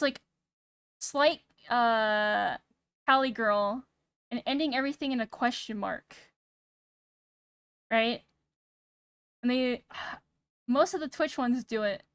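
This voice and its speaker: A young woman streaming casual chat, soft-spoken and a bit monotone, rambling and pausing every few words while she thinks. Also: high voice, no room sound. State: sick. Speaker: VTuber streamer. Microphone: streaming mic with noise gate.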